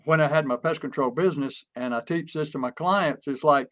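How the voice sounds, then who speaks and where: A man coaching on business, chatting casually and acting out stories with lively energy. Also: a little high, brisk, few pauses. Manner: animated storyteller who acts out quotes. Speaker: pest control marketing coach. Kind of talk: casual podcast chat.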